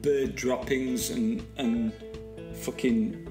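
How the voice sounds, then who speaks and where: A man's voice: mid-range voice, fairly even intonation, drawn-out words. A man co-hosting a podcast with teasing, sarcastic, swearing banter. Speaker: podcast co-host, life coach. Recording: echoey room with loud guitar playing.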